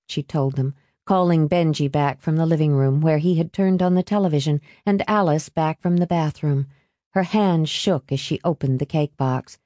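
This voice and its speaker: A woman narrating a novel aloud with steady, expressive reading. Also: deep voice, dry recording, studio quality. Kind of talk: audiobook narration.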